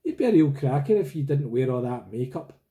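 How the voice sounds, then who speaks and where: A man's voice: mid-range voice, sing-song, fairly quick, mellow, natural voice. A man voicing an angry, defiant teenage schoolboy who makes threats. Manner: heated, threatening.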